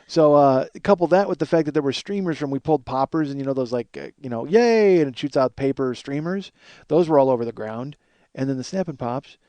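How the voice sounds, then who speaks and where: Talking fast in a medium-pitched, dark-toned voice with no room sound, a man rambles through his own podcast. He's tired and yawning, cursing heavily, poking fun at himself, and restarting often.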